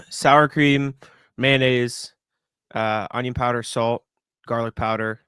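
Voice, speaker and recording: A young man co-hosting a casual sports podcast, relaxed and rambling, laughing easily. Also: mid-range voice, takes it slowly, creaky, smooth, no room sound. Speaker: podcast co-host.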